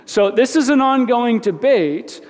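A man's voice: very high-pitched, expressive, measured pace, darkish tone. A man preaching a conversational sermon in a church, talking informally, repeating words and asking the listeners questions. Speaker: pastor. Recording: long reverb of a large hall.

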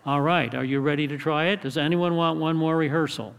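A man's voice: on the high side, fairly even intonation, brisk, vocal fry, smooth, big-room sound. A man leading an evening Bible study in a playful, call-and-response way. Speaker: Bible teacher.

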